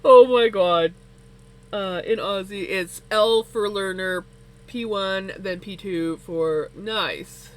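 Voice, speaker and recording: A woman hosting a casual livestream, chatting while she knits and telling stories with lots of laughter. Her voice shoots up high when she gets excited. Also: slow, poor audio. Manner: animated storyteller, laughs often, voice climbs high when excited. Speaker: livestream host. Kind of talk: casual chat while knitting on stream.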